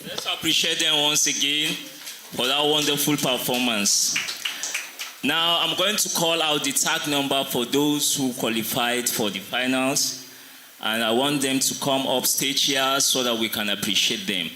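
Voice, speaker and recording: A male judge from Nigeria makes a formal, slightly hesitant announcement of the qualifiers. His voice is bright and forward. It rings through an echoey school hall over faint background noise. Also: medium pitch, unhurried.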